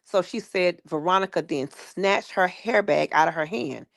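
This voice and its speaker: A woman tells a story in a casual, chatty way, jumping into the voices of the people she quotes. Her voice sits on the low side and has a gravelly edge. The sound is dry and close. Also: normal speed, no echo. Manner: animated retelling with quoted voices. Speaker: guest recounting stories.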